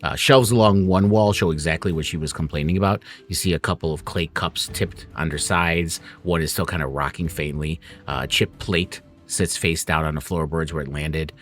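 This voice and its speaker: A man's voice: a bass voice, moderate pace, hardly any pauses, a bit bright, soft background music. A man narrating scenes as game master in a tabletop game, descriptive with frequent fillers.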